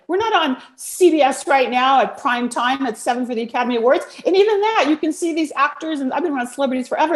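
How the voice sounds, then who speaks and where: A woman with a high, bright-sitting voice coaches people on speaking, blunt and animated, with frequent laughs. She comes through a video call. The room around her rings with a noticeable echo. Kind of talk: casual interview chat.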